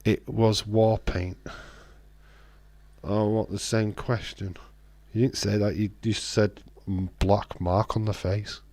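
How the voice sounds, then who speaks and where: A man's voice: fairly low pitch, level tone, slow, darkish tone, dry recording. A man hosts a live watch-along stream, commenting casually and bantering with viewers as he reads the chat aloud. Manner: bantering and teasing with viewers, frequent restarts.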